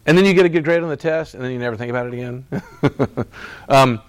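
A man's voice: medium pitch, fast, smooth, dry recording. A man preaching a sermon in a conversational style, acting out quoted voices and laughing as he goes. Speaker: pastor.

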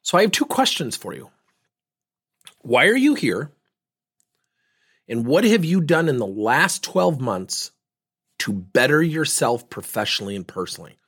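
A man's voice: medium pitch, very animated, normal speed, a bit bright, slightly rough. A man giving a talk, telling a story and acting out both sides of a conversation. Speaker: speaker on leadership and feedback.

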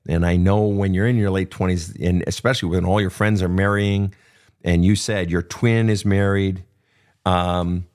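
A man's voice: on the low side, darkish tone. Blunt, profane man giving advice. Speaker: podcast host answering listener questions. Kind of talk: unscripted advice talk.

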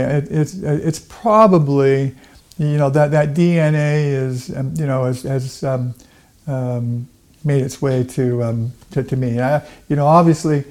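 A middle-aged man talking casually in an interview, halting and repeating words with many fillers. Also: on the high side, darkish tone. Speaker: guest, Lincoln portrayer.

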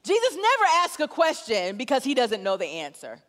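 A woman preaching a sermon in an animated, conversational way, repeating her points for emphasis. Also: a little high, a little fast. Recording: long hall reverb.

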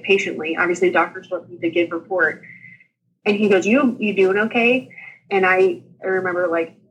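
Chatty woman telling a lively story. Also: mid-range voice, a little hiss or hum, low-quality recording. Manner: animated, laughs often, acts out quoted people. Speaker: podcast guest sharing her birth story. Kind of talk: casual storytelling chat.

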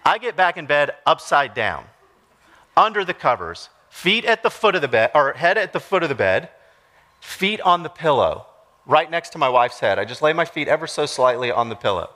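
Animated, bright-voiced male pastor preaching. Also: fairly high pitch, moderate pace. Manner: conversational and animated, with casual asides. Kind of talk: sermon.

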